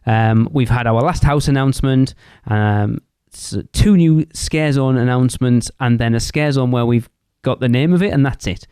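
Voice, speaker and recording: A man's voice: mid-range voice, moderate pace, few pauses, clear, resonant tone, no room sound, studio quality. A man co-hosting a fan podcast, chatting casually and joking around. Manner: joking, relaxed banter. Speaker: podcast co-host. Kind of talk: casual chat.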